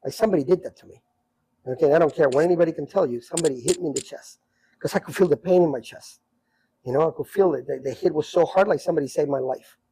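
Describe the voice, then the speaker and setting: A middle-aged man telling stories from his life in a casual chat, animated and repeating himself as he acts out what people said. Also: a little high, fast, slightly rough, rough recording. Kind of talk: casual storytelling.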